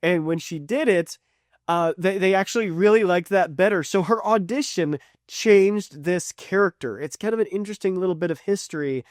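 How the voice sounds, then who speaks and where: A man's voice: high-pitched, moderate pace, no echo. Chatty man reviewing, dry close mic. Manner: rambling, chatty, with fillers and restarts. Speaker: video reviewer. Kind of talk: casual retrospective review.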